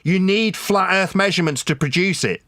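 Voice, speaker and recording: A man rants and mocks in a heated online debate, his voice high and sharp. He repeats himself and barks insults, sounding bright and dry, close to the mic. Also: brisk, no room sound. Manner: shouting insults, mocking, repetitive. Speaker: debate caller.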